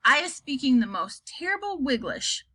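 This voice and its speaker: A woman's voice: high-pitched, sing-song, normal speed, a bit bright, no room sound. A woman voicing a very old, kindly male giant who jumbles his words, in a storybook reading. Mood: forlorn. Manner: jumbled grammar, delighted, playful.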